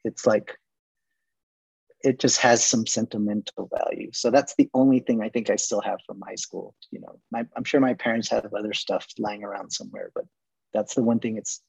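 A man's voice: mid-range voice, vocal fry, a little mellow, husky, dry recording, highs cut off. A man in his forties from Texas, a guest casually telling long rambling stories with lots of fillers. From Laredo, Texas. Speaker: interview guest. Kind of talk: casual storytelling interview.

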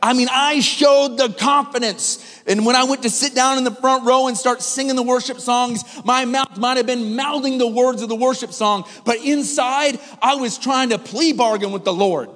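A man preaching a sermon to a congregation, telling a personal story in an animated, conversational way and asking the listeners questions. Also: extremely high pitch, normal speed, few pauses. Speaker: pastor. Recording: hall reverb.

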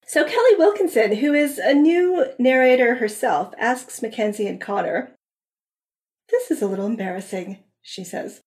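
A woman's voice: on the high side, expressive, moderate pace, darkish tone. A woman hosting an interview, reading listener questions in a playful way and laughing easily. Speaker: host.

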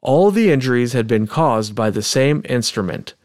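A man co-hosting a casual true-crime podcast, reading old testimony aloud in a measured, deliberate way. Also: mid-range voice, animated, darkish tone, dry recording, clean studio sound. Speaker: podcast co-host.

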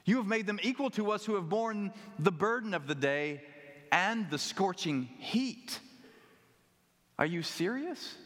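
A man voicing weary male day laborers who grumble indignantly, pitched high. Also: animated, measured pace, fairly bright tone, full character voice. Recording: echoey hall.

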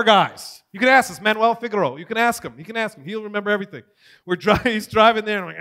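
A man giving a testimony sermon, telling his story with big swings between loud and hushed. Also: high voice, quick pace. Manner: animated storytelling, swings from shouting to near whisper. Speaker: preacher.

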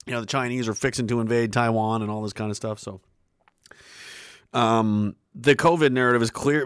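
A man's voice: medium pitch, a bit bright, smooth, no echo, studio quality. A man giving a heated, profane commentary that rambles with restarts. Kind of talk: casual political rant.

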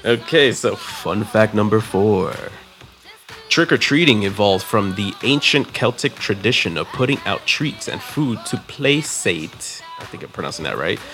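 A man's voice: lowish voice, animated, unhurried, a bit bright. A man co-hosting a casual podcast, reading fun facts aloud and correcting his own small slips. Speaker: podcast co-host. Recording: music playing in the background.

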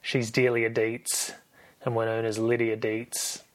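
A man's voice: mid-range voice, monotone, slow pace. A man hosting a podcast, recapping a film in a rambling, jokey way and correcting himself as he goes. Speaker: podcast host.

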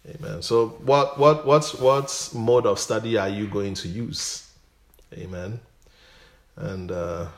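Low-voiced pastor in an echoey room. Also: male voice. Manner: repeats words, rises to emphatic bursts. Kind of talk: Bible study teaching.

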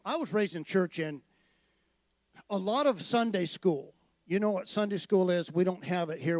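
Male preacher, gravelly, high-pitched, emphatic, dry close sound. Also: darkish tone, dry recording. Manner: conversational preaching, rising to emphatic declarations. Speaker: pastor. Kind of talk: sermon.

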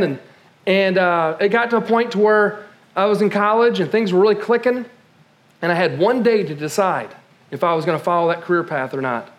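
A male pastor with a notably high voice preaches in a conversational, personal way. He often stumbles over words and restarts his sentences as he talks. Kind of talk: sermon.

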